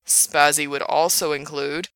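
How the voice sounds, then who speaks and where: A woman voicing a blunt young man who teases his friend in a deadpan, mocking way. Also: low-pitched, unhurried, clean tone, no room sound. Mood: teasing. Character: blunt teasing young man, laid-back buddy.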